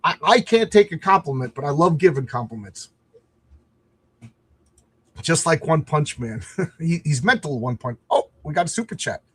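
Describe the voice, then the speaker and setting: Male livestream host, husky, rambling and self-deprecating, casual chat. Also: a little high, sing-song, moderate pace, long pauses, fairly bright tone. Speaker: comic book creator and livestream host.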